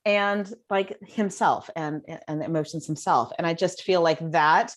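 A woman's voice: on the low side, unhurried. A middle-aged woman, a guest author, chatting casually in an interview and telling stories with many fillers. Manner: animated storytelling with many fillers. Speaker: guest, child development author.

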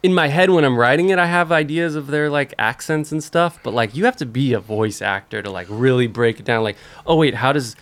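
A man who is a guest on a podcast, talking casually in a relaxed, rambling way with lots of filler words. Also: medium pitch, brisk, hardly any pauses, no room sound. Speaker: guest, author and skateboarder. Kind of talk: casual interview chat.

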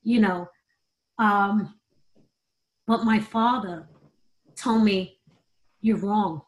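A woman's voice: mid-range voice, fairly even intonation, drawn-out words. A middle-aged woman guest in an interview, telling personal stories in an earnest, emotional way and laughing easily. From United States. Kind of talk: candid interview storytelling.

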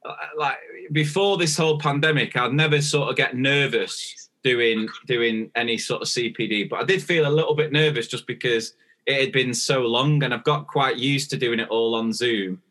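A young man co-hosting a podcast, telling a story in an easy, chatty way and acting out bits of the dialogue. His voice is bright and forward, sitting at an ordinary middle pitch. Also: moderate pace. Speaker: podcast co-host. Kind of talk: casual chat.

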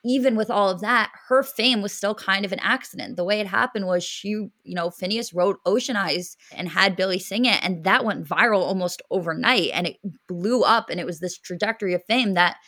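A woman co-hosting a podcast in casual chat, talking in quick, chatty bursts with many fillers. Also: medium pitch, fairly bright tone, no room sound, clean studio sound. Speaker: podcast co-host.

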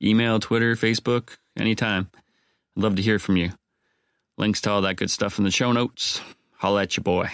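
A man's voice: lowish voice, steady tone, moderate pace, fairly bright tone, no room sound. A man hosting a podcast on his own, talking casually and cracking dry jokes to his listeners. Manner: wry, joking asides. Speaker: podcast host.

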